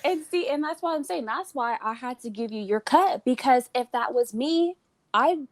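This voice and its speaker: A woman's voice: high-pitched, normal speed. A woman guest in casual podcast chat, telling a story and acting out the voices of the people in it. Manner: animated, acts out quoted voices.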